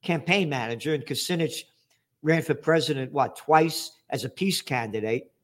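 A man's voice: fairly high pitch, moderate pace. A male host in heated political chat, impassioned and sarcastic.

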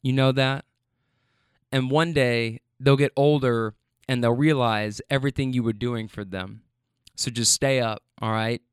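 A man's voice: medium pitch, steady tone, measured pace, smooth, no room sound, studio quality. A man who drives for a rideshare service, recounting a ride in his car in an earnest way and tending to get choked up when he speaks from the heart.

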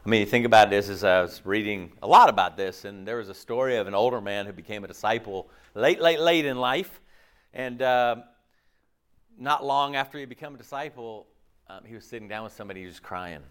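A man preaching a sermon in an animated, rhetorical way, often checking in with the congregation. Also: lowish voice, fairly quick, clean tone. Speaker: pastor.

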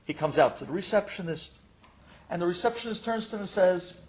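Animated rabbi telling a story. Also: male voice, high voice, brisk. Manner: animated storyteller acting out dialogue. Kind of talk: Torah class sermon with storytelling.

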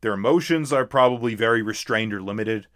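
A man's voice: fairly low pitch, brisk, a bit bright, no room sound, clean studio sound. A man co-hosting a casual movie talk, rambling with many restarts and fillers. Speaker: podcast co-host.

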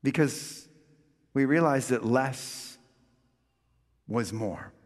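A middle-aged male pastor preaching with comic storytelling, swinging from loud funny voices to quiet reflection. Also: mid-range voice, very slow. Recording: long hall reverb.

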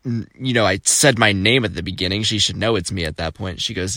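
A young man from Florida hosting a podcast, telling casual stories in an animated, jokey, exclamatory way. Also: on the low side, fast talker, no room sound, clean studio sound. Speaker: podcast host. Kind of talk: casual storytelling.

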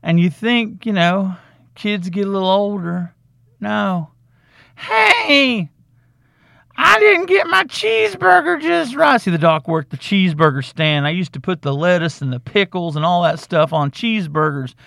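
High, gravelly male host lecturing in the third person, repetitive and emphatic; dry, close sound. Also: a bit bright, no echo. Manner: calls himself "the Doc" in the third person, lecturing; repeats himself, drawn-out emphasis. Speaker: podcast host. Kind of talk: comic advice monologue.

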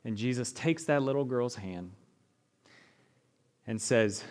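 A man's voice: medium pitch, slow. A male pastor giving a conversational sermon, often asking "right?" and acting out the people in the story. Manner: conversational preaching, asks the room "right?", animated retellings.

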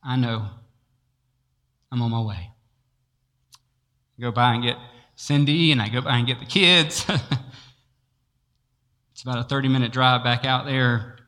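A man preaching a sermon, telling a personal story and acting out each exchange with frequent laughter. His voice is bright and forceful. It rings through a large hall with a long echo. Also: medium pitch, a little slow, long pauses. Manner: storytelling, acts out dialogue, laughs often.

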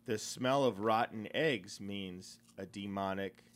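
A man's voice: fairly low pitch, slow pace. A man co-hosting a podcast in casual chat, prodding the guests with questions and often cutting in. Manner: prodding, interviewer-like, interrupts often. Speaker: podcast co-host.

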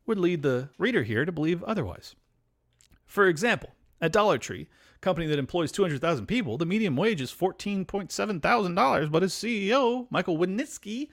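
A man with a somewhat high voice rants through political commentary. His pitch leaps up and down with a lot of life as he mocks and swears. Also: animated, brisk, a bit bright. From United States. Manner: sarcastic, profane, mocking. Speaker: podcast host.

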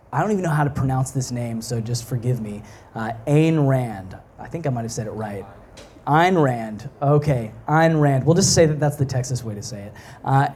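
Young man preaching casually. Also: a little hiss or hum. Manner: casual, conversational, many fillers and restarts; drops soft and low in prayer. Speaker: pastoral apprentice, guest preacher. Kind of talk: sermon.

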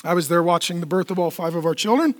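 A middle-aged man preaching a humorous sermon as pastor, animated and joking, often asking the congregation questions. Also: sits high, quick pace, long reverb tail. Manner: animated, joking storyteller who asks the crowd questions.

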